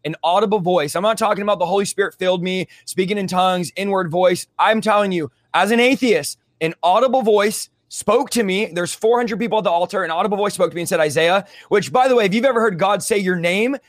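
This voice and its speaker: A man's voice: high-pitched, quick pace, few pauses, dry recording. A young man from California telling a fervent, casual story, using slang like "bro" and "dude". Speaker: guest telling his testimony. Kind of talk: conversational interview storytelling.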